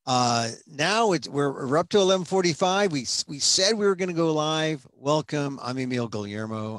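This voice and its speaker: A man's voice: medium pitch, fairly bright tone, no room sound. A man hosting a casual livestream as a museum director, chatty and rambling, with many fillers and restarts. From United States.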